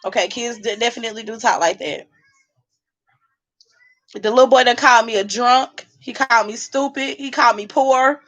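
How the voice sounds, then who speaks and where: A woman hosting a casual livestream while drinking, sassy and animated as she talks back to the chat from home. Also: on the high side, moderate pace. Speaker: livestream host.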